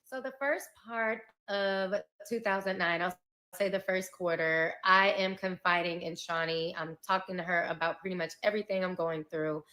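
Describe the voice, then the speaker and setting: Woman, somewhat low voice, candid vlogger recounting her own life, emotional, cursing, nervous laughter. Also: steady tone, moderate pace, bright, forceful tone. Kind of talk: candid personal storytelling.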